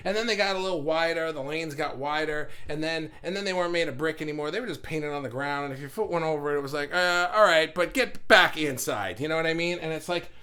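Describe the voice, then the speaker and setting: A man hosting a casual spiritual talk, rambling and animated, laughing and sighing often. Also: on the high side. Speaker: spiritual channel host.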